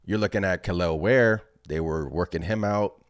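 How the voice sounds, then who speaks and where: A man hosting a basketball fan channel, reacting live in an excited, rambling way as he thinks aloud. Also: low-pitched, moderate pace, smooth.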